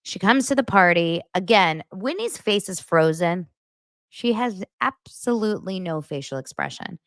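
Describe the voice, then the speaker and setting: A woman's voice: on the low side, moderate pace, no echo, studio quality. A woman hosting a podcast, chatting casually and expressively as she recaps reality TV and acts out the cast's lines. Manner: gossipy and expressive, acts out quotes. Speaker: podcast host.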